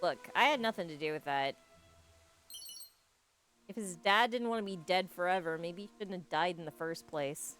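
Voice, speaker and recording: A woman's voice: lowish voice, normal speed, pauses often, a bit bright. Woman, casual streamer, self-mocking banter, game music in the background. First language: English. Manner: chatty, joking and self-mocking with frequent laughs. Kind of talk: casual live-stream chat while gaming.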